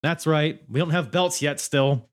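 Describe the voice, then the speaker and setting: A man's voice: fairly high pitch, a little slow. A man hosting a podcast, recapping matches in a loose, chatty way. He jokes, swears and restarts his sentences often. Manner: rambling, joking and profane, with many restarts. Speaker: wrestling podcast host. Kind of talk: casual show recap.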